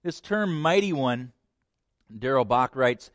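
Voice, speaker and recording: A man pastor preaching with emphatic force, his pitch and loudness swinging dramatically from phrase to phrase. He sits in the middle of the typical male range. The recording is dry and close, with no room echo. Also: lively intonation, unhurried, pauses often. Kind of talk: sermon.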